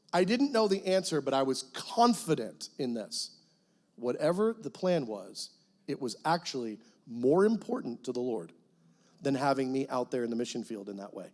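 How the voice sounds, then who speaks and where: A middle-aged guest pastor telling a personal testimony in a church, animated storytelling that breaks into loud cries as he acts out prayers. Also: a little high. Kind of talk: sermon testimony. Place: church sanctuary.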